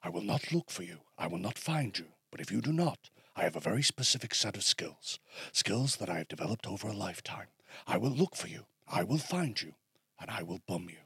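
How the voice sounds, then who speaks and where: A man doing an impression of a menacing older male action hero, speaking low and hushed. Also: very animated, fairly quick, husky, no echo, clean studio sound, exaggerated voice.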